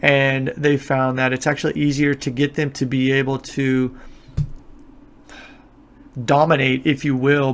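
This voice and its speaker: This gravelly, mid-range male voice belongs to a martial arts instructor based in Japan, appearing as a podcast guest. His talk is relaxed and long-winded, full of fillers and false starts.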